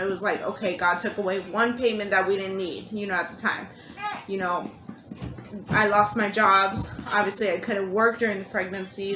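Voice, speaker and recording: A woman's voice: medium pitch, a little hiss or hum. Chatty young woman, echoey room. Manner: chatty, animated, acts out quotes. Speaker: vlog co-host, mother. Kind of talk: casual storytelling. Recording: echoey room with music behind.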